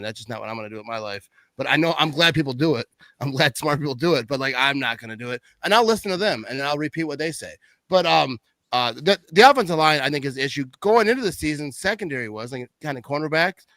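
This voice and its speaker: A man talking casually about football, rambling with lots of fillers and animated swings in his voice. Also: medium pitch, no echo. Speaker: podcast guest. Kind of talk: casual sports chat.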